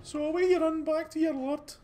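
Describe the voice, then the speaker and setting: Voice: high voice, fairly even intonation, brisk, warm tone, faint music behind. A host with a Scottish accent giving casual, rambling commentary over gameplay, chatty and full of restarts. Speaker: gaming channel host.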